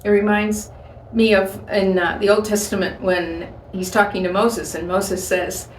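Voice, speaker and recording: A woman's voice: mid-range voice, flat delivery, unhurried. A woman giving a short devotional talk, earnest and storytelling. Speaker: devotional speaker. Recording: echoey room, voice from a distance, faint hiss.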